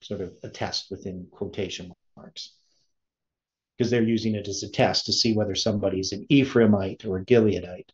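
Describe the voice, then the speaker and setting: A man giving an informal study lesson, thinking aloud with many pauses and restarts. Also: lowish voice, steady tone. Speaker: teacher. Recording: dull lo-fi sound.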